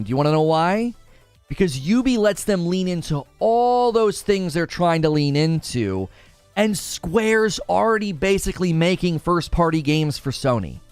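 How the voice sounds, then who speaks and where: A man's voice: sits high, no room sound. A man hosting a casual gaming live stream, arguing both sides of a point and reading chat messages aloud. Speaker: livestream host.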